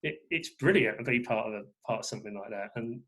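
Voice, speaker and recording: A man's voice: fairly low pitch, quick pace, a bit bright. Rambling man, chatty guest. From England. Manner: rambling, many fillers and restarts. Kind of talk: casual conversation.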